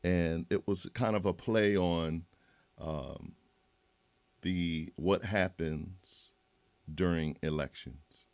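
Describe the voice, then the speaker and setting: A man's voice: sits low, steady tone, slow, a little mellow, no room sound. A man hosting a livestream, rambling and moralizing in a casual monologue with many restarts. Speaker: livestream host.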